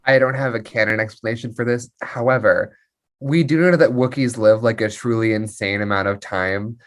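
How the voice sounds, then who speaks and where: A man's voice: medium pitch, moderate pace. A man co-hosting a podcast in casual chat, playfully spinning joking theories. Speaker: podcast co-host.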